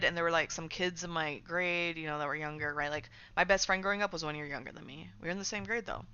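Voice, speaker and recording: This woman streams games and chats casually, ranting with lots of swearing and fillers. Her lowish voice is bright, smooth, and forceful, and she talks fast with hardly any pauses. The recording's highs are cut off.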